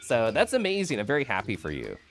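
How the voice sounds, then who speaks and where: A man from the Midwest, hoarse, chatting casually and profanely on a livestream. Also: medium pitch, huge pitch swings, fast talker, a bit bright, soft background music. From American Midwest. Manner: loose, profane and chatty with frequent laughs. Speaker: streamer.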